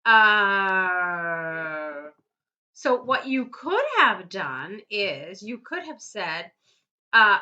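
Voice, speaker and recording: A woman's voice: mid-range voice, very animated, extremely slow, pauses often, sharp tone, muffled recording. A woman correcting a student's essay, patiently explaining each point step by step and reading the student's text aloud. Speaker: English writing tutor.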